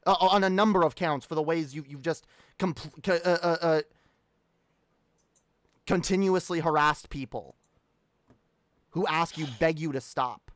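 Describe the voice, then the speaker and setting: A man's voice: on the high side, unhurried, pauses often, a bit bright, dry recording. A man streaming, ranting heatedly and swearing a lot. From Canada. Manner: heated, profane, repetitive. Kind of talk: ranting livestream talk.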